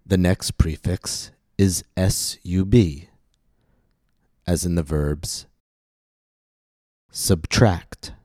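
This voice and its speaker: Slow, deep-voiced male pronunciation teacher. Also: fairly even intonation, mellow, no room sound, clean studio sound. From United States. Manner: slow, deliberate, clearly enunciated drills. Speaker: pronunciation teacher and podcast host. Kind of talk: scripted pronunciation lesson.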